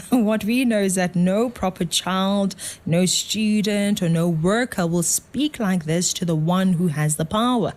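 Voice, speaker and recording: A woman with a mid-range voice gives indignant commentary. She makes her points through a steady stream of rhetorical questions. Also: medium pitch, unhurried. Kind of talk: opinion commentary.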